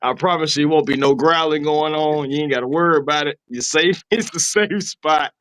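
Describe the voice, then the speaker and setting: A man's voice: on the high side, moderate pace, a bit bright, clean tone. A man guesting on a sports podcast, upbeat and giggly as he plugs his channels. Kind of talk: casual podcast chat.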